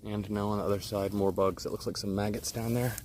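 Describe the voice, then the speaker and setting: Man vlogger: deep-ish, chatty, filler-heavy narration recorded outdoors. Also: little pitch movement, quick pace, darkish tone, slight background noise. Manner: rambling, many fillers and restarts. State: out of breath. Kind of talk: casual outdoor vlog narration. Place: outdoors in a wooded park by a stream bed.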